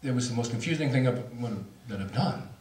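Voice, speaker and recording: A man's voice: mid-range voice, expressive, quick pace, a little mellow. A middle-aged man speaking to an audience, telling a personal story in a candid, self-mocking way with laughs. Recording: roomy hall, voice from far off.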